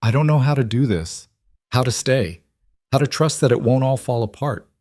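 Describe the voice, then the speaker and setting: A man's voice: medium pitch, animated, moderate pace, darkish tone, no room sound, clean studio sound, voice pushed up, natural voice. A man voicing a frightened, fragile young woman in love, speaking in an anxious, pleading way.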